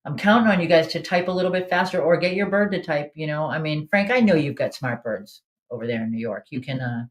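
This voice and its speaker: A woman's voice: low-pitched, fast, hardly any pauses. A woman hosting a live online trivia game in a casual, chatty way, reading out answer options and laughing often. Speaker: trivia host.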